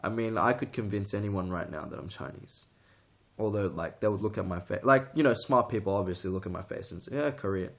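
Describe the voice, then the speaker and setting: A man's voice: on the low side, a little fast, creaky. A young man talking to the camera in a casual tutorial, rambling, restarting sentences and getting sidetracked. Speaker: vlogger.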